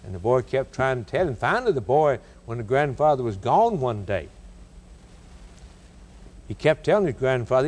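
A man preaching a sermon, telling stories dramatically and building cadenced lists, with big swings in pitch and pace. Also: big pitch swings, normal speed, pauses often, darkish tone.

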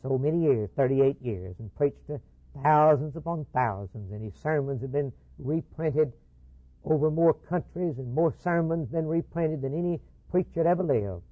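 A man's voice: mid-range voice, no echo. A man preaching a sermon, building rhythmic repeated lines into emphatic declarations. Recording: tinny phone-like old recording.

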